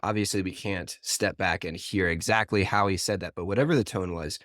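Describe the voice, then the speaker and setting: A deep-voiced man in a conversational Bible discussion, thoughtful and a little hesitant as he works out his ideas. The recording is dry and close, with no room sound. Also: steady tone, fairly quick, fairly bright tone, no room sound. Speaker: podcast co-host.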